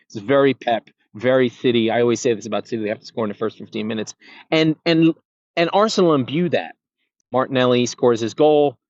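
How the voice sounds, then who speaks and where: A man's voice: mid-range voice, darkish tone, muffled recording. Passionate male football podcast host. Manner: passionate, rambling with restarts. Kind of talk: solo football analysis monologue. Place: outdoors on a golf course.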